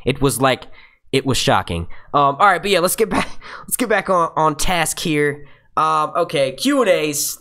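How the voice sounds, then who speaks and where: A man's voice: medium pitch, fairly bright tone. A man hosting a casual live Q&A from his computer, rambling and restarting his sentences and swearing freely. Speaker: YouTube show host. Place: seated at a computer. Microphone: computer microphone.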